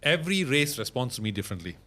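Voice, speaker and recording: Man, host, dry humour, mid-pitched everyday voice. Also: big pitch swings, fast talker, sharp tone. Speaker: podcast host. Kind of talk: casual interview chat.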